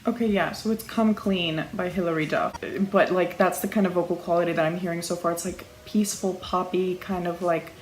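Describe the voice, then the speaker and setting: A woman's voice: on the low side, steady tone, brisk, hardly any pauses, roomy sound, a little hiss or hum, poor audio. A woman reacting to a song with bubbly, chatty commentary.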